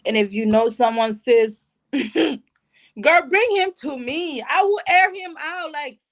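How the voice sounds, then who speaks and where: A woman from Burundi telling her personal story in an interview, emotional and animated, with casual slang. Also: high voice, slow pace. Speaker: guest sharing personal story.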